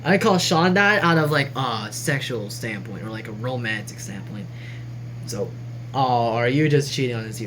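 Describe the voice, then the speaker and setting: A woman's voice: a bass voice, lively intonation, moderate pace, a little hiss or hum, poor audio. A woman casually reading out and joking about lines from a class quote journal, chatty, rambling and swearing now and then. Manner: chatty, jokey, swears casually, trails off mid-sentence.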